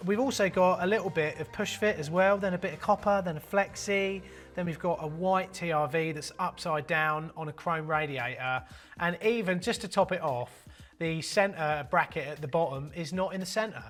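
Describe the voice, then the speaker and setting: A man's voice: a little high, a bit bright. A man hosting a plumbing channel, talking through photos in a cheeky, joking way with crude banter. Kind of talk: casual jokey commentary. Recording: faint background music.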